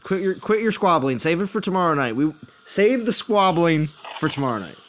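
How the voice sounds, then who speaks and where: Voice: medium pitch, big pitch swings, normal speed, a bit bright, a little hiss or hum. A stream host chatting casually with friends, laughing often and tripping over words now and then. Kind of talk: casual chat on a live stream.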